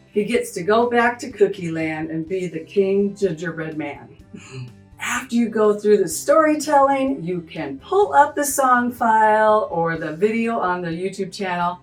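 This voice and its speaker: A woman's voice: mid-range voice, reverberant, distant mic. A woman music teacher walking through a lesson, acting out animal sounds as she explains. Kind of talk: teaching tutorial.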